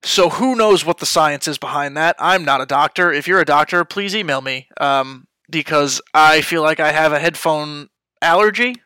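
A man's voice: on the high side, moderate pace, bright, forceful tone, clear, resonant tone, dry recording. A young man hosting a podcast, chatting off the cuff with lots of fillers. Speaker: podcast host. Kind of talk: casual podcast chat. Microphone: headphones and studio mic.

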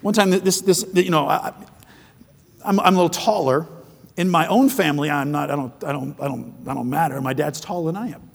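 A man delivers a sermon in a high, gravelly, husky voice that rings through a long-reverberating hall. He is animated, tells stories with loose restarts, and acts out the voices of the people in them. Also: fairly quick. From foreign-born, living in southern China. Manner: animated, acts out quoted voices, shouts at peaks; rambling, with frequent restarts in anecdotes. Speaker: preacher.

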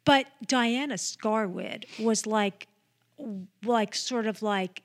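A woman co-hosting a podcast in casual film chat, animated, restarting her sentences and laughing often. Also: fairly high pitch, takes it slowly. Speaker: podcast co-host.

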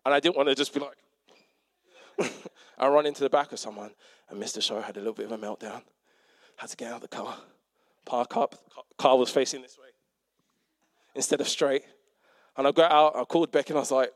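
Lively self-mocking man preaching. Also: on the high side, fairly quick, long pauses, no room sound, clean studio sound. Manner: animated, self-mocking, acts out quotes. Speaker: preacher and teacher. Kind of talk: conversational sermon storytelling.

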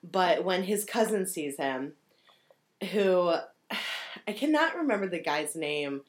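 A woman in casual chat about a film, animated, laughing often and acting out quotes from scenes. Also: fairly low pitch, slow.

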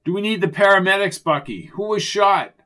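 A man's voice: sits high, expressive, fairly quick, pushed and bright, voice pushed up. A man voicing a determined amateur sleuth who talks urgently and insistently. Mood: pressing.

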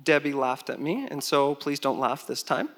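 A man preaching a sermon as pastor, animated, with loud rises, soft drops and chatty asides to the congregation. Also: mid-range voice, moderate pace.

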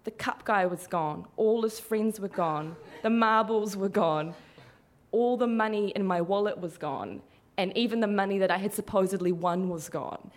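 A young woman tells a story in an animated, expressive way, often laughing as she goes. Her voice sits at a middling pitch for a woman. She talks casually and with plenty of energy. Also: moderate pace. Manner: animated, laughing through the telling. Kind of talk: live storytelling.

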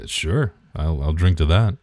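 A man's voice: sits low, a little slow, noisy background. A man co-hosting a podcast in casual chat, teasing and nitpicking about beer. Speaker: podcast co-host.

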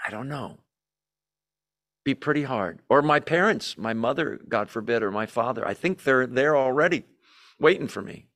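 A man's voice: mid-range voice, moderate pace, a bit bright. A man preaching a conversational sermon to a group, with joking asides and questions put to the audience. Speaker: pastor. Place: church meeting streamed on a video call.

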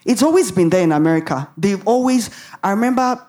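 A woman's voice: medium pitch, expressive, a little fast, dark tone. A woman preaching a sermon in an emphatic way, asking the audience rhetorical questions and laughing at herself.

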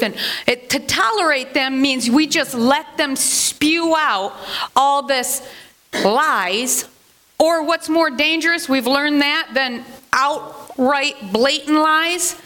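Woman preaching casually, high voice, slow and chatty, asks herself questions then answers. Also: fairly bright tone. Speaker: Bible teacher. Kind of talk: casual sermon.

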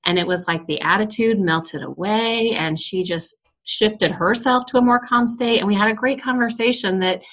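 A woman's voice: mid-range voice, moderate pace, few pauses, fairly bright tone. A middle-aged woman, a school principal, answering interview questions in an earnest storytelling way with frequent laughs.

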